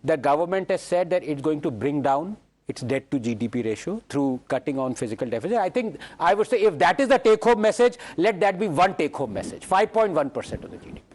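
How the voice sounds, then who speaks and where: A sarcastic man with an Indian English accent, holding forth as a TV debate panelist. His voice is a little high for a man, and he mocks the opposing side's lines. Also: lively intonation, a little mellow. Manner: sarcastic, quick to mock opposing views.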